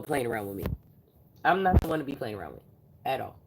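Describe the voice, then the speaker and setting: Gravelly-voiced woman ranting on a livestream. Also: very deep voice, sing-song, fast, background noise. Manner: heated, confrontational, swearing. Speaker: livestream host. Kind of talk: angry profane livestream rant.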